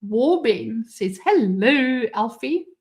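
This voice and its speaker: Very animated yet slow, her fairly high voice carries a South African English accent. She's a livestream host at home with the front door open, chatting casually, laughing frequently, and reading viewer comments aloud.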